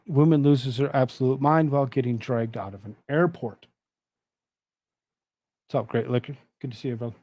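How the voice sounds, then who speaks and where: A man's voice: mid-range voice, normal speed, pauses often, a little mellow, dry recording. A man hosting a casual commentary show, sarcastic and exasperated as he rambles about news and viral clips.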